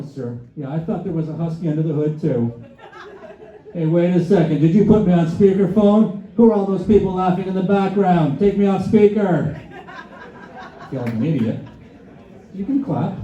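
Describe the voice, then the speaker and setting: Male club comic, sarcastic with mock-pompous asides; high-ish, very mellow voice in a dull, echoey bar room. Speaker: stand-up comedian. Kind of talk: live stand-up set. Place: bar and grill stage before a laughing crowd.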